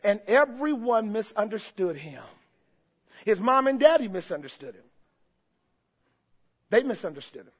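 Brief: male pastor, very high pitched, call-and-response sermon, muffled recording. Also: sing-song, moderate pace, pauses often, husky. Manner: call-and-response preaching, swinging between shouts and hushed stretches.

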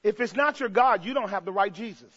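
Male preacher, very high and bright voice, fervent sermon, hushed-to-shouting, dull lo-fi recording. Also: a little fast. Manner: asks the congregation rhetorical questions.

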